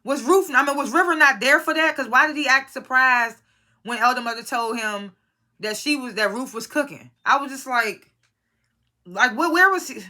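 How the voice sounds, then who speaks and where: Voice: high-pitched, normal speed, pushed and bright. A TV episode reviewer giving a casual, rambling recap with profane, incredulous asides.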